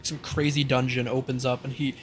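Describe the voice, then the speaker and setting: A man narrating as game master in a casual, halting way with many fillers. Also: mid-range voice, level tone, soft background music.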